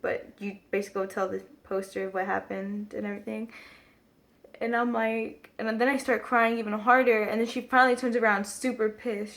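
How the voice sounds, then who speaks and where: Casual vlog girl, kinda high voice, rambles, says like a lot, talkin into her camera. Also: fairly even intonation, brisk, a bit bright. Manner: rambling, lots of filler "like". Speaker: vlogger.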